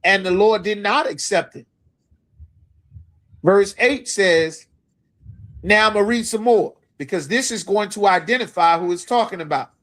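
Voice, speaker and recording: A man teaching a scripture class, speaking emphatically and asking his listeners if they understand. He reads verses slowly, then explains them in everyday talk. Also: high voice, fairly bright tone. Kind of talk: scripture lecture.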